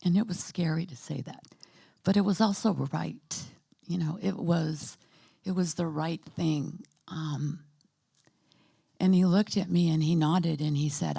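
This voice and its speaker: A woman in her fifties or sixties speaks softly in a low, gravelly voice with a dark, mellow tone. She gives a personal testimony to a church gathering, pausing often and filling the gaps with soft fillers. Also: steady tone. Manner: halting and soft-spoken, with many pauses and fillers.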